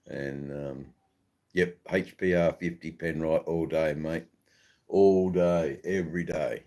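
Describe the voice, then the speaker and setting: A middle-aged Australian man with an Australian accent, hosting a relaxed, rambling live stream and chatting with viewers, with many ums and restarts. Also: extremely low pitch, slow. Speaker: livestream host. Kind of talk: casual live-stream chat, reading viewer comments.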